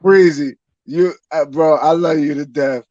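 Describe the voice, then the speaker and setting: A man's voice: on the high side, steady tone, a little slow, a little mellow, no echo, highs cut off. A man joining a livestream as a guest, bantering and teasing the host and cutting in with repeated interruptions. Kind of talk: casual banter.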